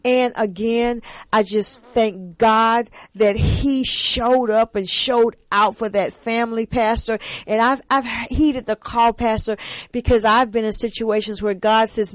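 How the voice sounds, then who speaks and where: A woman's voice: fairly high pitch, fairly even intonation, takes it slowly, dry recording, rough recording. A woman hosting a faith-based talk show, speaking with passion and often addressing her guest as Pastor. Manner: impassioned, repeatedly addressing the pastor. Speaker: host.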